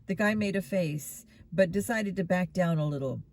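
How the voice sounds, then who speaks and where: A woman reading a children's mystery novel aloud in steady, expressive first-person narration. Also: lowish voice, normal speed, no echo. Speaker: storybook reader.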